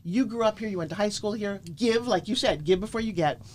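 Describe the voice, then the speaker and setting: A middle-aged woman from Florida, a guest pitch coach telling motivational stories emphatically and acting out quoted lines. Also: fairly quick. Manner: emphatic, animated, acts out quotes. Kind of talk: energetic motivational storytelling.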